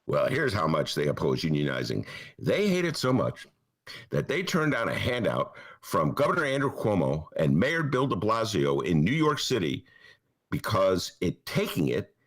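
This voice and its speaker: Man, host, sarcastic monologue, wildly swinging pitch. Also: fairly bright tone. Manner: sarcastic, mocking voices. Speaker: host and newspaper columnist. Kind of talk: comedic political monologue. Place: apartment. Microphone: headphones and mic.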